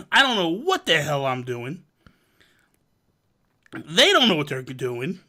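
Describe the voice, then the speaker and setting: This time the young podcast host sounds a little high and slow, still telling stories on his casual gaming show. Laughter comes often, along with bouts of mock exasperation, and he stays animated throughout.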